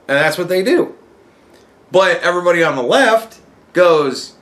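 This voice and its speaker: A man's voice: high voice, animated, unhurried, long pauses, fairly bright tone. A man hosting a podcast who talks in a casual, profane monologue and acts out other people's replies. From United States. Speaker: podcast host.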